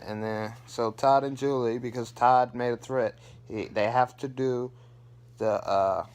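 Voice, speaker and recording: A man casually recapping a TV episode as a vlogger, rambling with lots of fillers and restarts. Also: mid-range voice.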